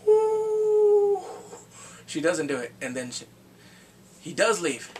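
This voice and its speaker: A man giving an excited, casual recap of a TV episode, often breaking into loud whoops and shouts. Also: fairly high pitch, normal speed. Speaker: TV show reviewer. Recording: distant mic, faint background hiss.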